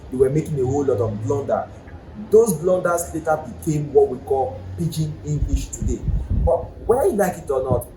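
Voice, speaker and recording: A man with a Nigerian accent gives a casual video lesson and often asks the viewer questions. His voice sits a little high for a man. The room is echoey, with a faint hum of ambient noise behind him. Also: darkish tone. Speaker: language teacher.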